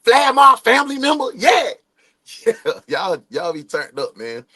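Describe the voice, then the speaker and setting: A man's voice: very high voice, wildly swooping pitch, unhurried, bright, forceful tone. A man in his forties hosting a casual livestream, greeting viewers by name and giving loose, slangy motivational talk. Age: 40s. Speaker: livestream host.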